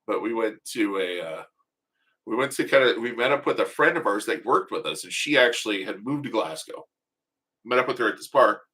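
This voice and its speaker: Guy host, bright forceful voice, loose rambling profane yarn-spinning on a livestream. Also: lowish voice, expressive, a little fast. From United States. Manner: rambling, profane, joking storyteller. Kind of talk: casual storytelling livestream.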